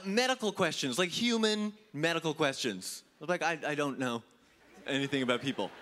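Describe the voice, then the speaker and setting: A man doing stand-up comedy on a club stage into a handheld mic, telling stories in an exasperated, lively way. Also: high-pitched. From Africa. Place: comedy club stage before a live audience. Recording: live club set with loud audience and noise.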